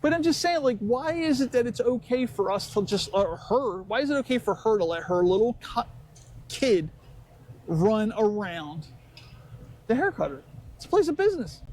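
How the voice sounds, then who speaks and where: A man's voice: sits high, animated, normal speed, darkish tone, slight background noise. A man co-hosting a casual chat podcast, ranting sarcastically about everyday annoyances. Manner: sarcastic complaining rant with put-on mocking voices. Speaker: podcast co-host.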